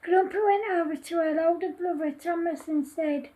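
A woman reading her own children's story aloud in a plain, steady way. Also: extremely high pitch, normal speed, few pauses, rough recording.

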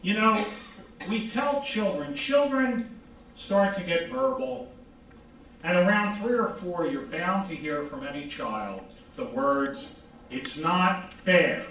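A man giving an informal psychology lecture, animated, asking rhetorical questions and answering them himself. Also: high-pitched, takes it slowly, a little hiss or hum. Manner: acts out quoted dialogue. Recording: very echoey room from far off.

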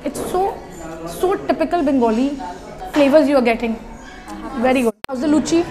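A woman's voice: high voice, moderate pace, music in the background. A woman hosting a casual food vlog in a restaurant, explaining each dish with many fillers and asides. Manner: explains dishes with many fillers, switching to Hindi. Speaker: food vlogger host.

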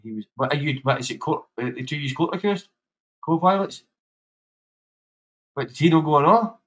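A man's voice: fairly high pitch, lively intonation, moderate pace, fairly bright tone, rough recording. A man hosting a livestream, chatting casually, swearing and laughing as he hands out blunt advice. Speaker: livestream host.

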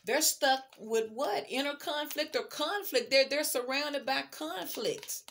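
A woman's voice: high-pitched, a little slow, a bit bright, a little hiss or hum. A woman giving a casual tarot reading, chatty and emphatic, speaking straight to the viewer. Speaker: tarot card reader.

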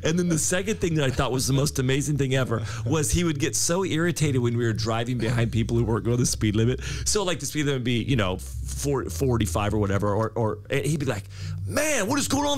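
A middle-aged man, a pastor, chatting as a podcast guest and telling animated stories, often laughing and acting out quoted voices. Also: medium pitch, quick pace, few pauses. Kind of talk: casual conversational interview.

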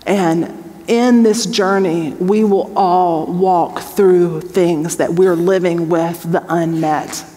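A woman's voice: on the low side, fairly even intonation, slow pace, warm tone. A woman in her forties, a Bible teacher, giving an earnest, conversational testimony sermon and often checking in with her audience. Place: large hall with an audience. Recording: long reverb of a large hall.

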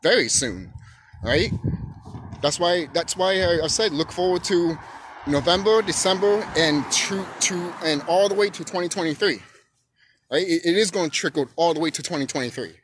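A man ranting on his own channel in a loose, profane monologue. His voice keeps swinging into emphatic shouting. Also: on the high side, lively intonation, moderate pace, slight background noise. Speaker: YouTube channel host.

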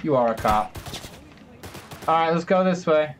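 A man streaming a video game live, talking to his chat in an excitable, joking, chatty way. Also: medium pitch, normal speed, long pauses, a little hiss or hum. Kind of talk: live gameplay commentary.

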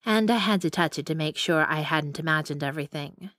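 A woman's voice: deep voice, a little fast, fairly bright tone, no room sound. A young adult woman narrating a first-person romance audiobook in an intimate, wry manner on a close mic.

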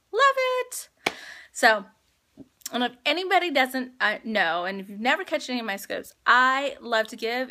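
Woman, 30s, live-stream host at home on a handheld phone: slightly high, bright and forceful, chatty, laughs a lot, heavy on fillers. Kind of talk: casual live-stream chat. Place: at home indoors.

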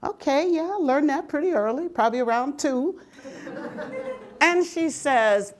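An older woman giving a personal storytelling talk, animated and often laughing as she speaks. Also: sits high, slow pace.

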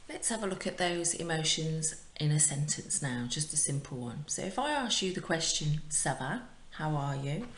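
A woman teacher giving a recorded remote lesson, speaking clearly and patiently and drilling words for her pupils to repeat. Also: low-pitched, animated, normal speed. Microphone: home recording for remote class. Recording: echoey room.

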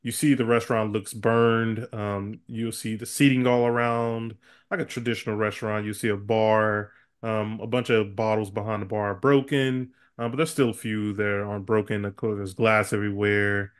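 A man's voice: lowish voice, little pitch movement, normal speed, clean tone. A man narrating as game master of a tabletop role-playing game, describing scenes loosely and laughing often.

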